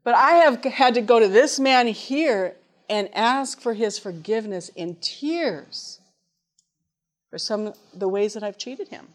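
A woman's voice: fairly high pitch, lively intonation, measured pace. A middle-aged woman preaching a sermon in an earnest way, reading scripture aloud and asking her listeners questions.

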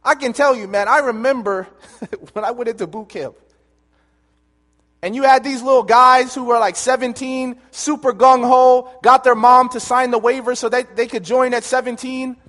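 High-voiced preacher in a reverberant hall. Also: male voice, moderate pace. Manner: lively storytelling, calls for audience answers. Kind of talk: sermon.

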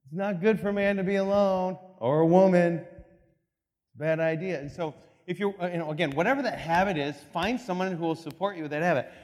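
In a church hall with plenty of reverb, a male pastor preaches, telling tales broken up by humorous asides and brief laughter. He speaks with a high pitch that has a slightly mellow quality.

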